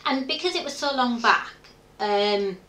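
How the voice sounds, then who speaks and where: A woman's voice: on the high side, expressive, a little slow, a bit bright. A middle-aged woman, telling her story openly and reflectively as an interview guest, often voicing her own past thoughts. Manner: open, reflective storytelling with quoted inner thoughts. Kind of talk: candid conversational interview. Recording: echoey room.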